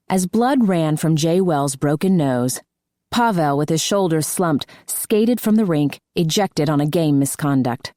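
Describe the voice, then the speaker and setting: A woman narrates an audiobook in a steady, measured reading. Her voice is low and the studio booth sound is dry and close. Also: dry recording. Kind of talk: scripted narration.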